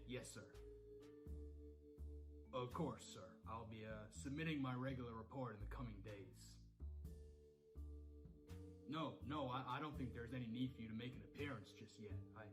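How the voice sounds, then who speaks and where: A man's voice: medium pitch, natural voice. A man acting a dutiful male agent in a video intro scene, speaking deferentially to his superior over music. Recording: voice with music playing beneath.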